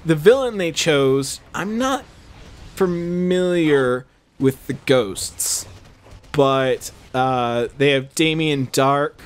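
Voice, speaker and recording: Guy chatting slowly while he plays a game, goes off on tangents, pokes fun at himself. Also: mid-range voice. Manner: rambling, joking, self-deprecating. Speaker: let's play host. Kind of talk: casual gameplay commentary.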